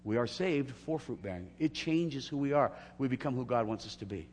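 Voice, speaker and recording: A man preaching a sermon as pastor, telling a story and acting out the dialogue, swinging from hushed to loud. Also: medium pitch, lively intonation, brisk, big-room sound, a little hiss or hum.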